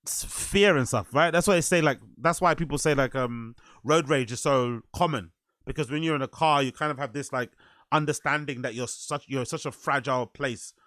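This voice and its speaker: A man's voice: medium pitch, normal speed, fairly bright tone, no room sound. Incredulous mocking man, dry close sound. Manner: incredulous, mocking, swears a lot. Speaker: stream host reacting to a podcast clip. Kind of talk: reaction commentary.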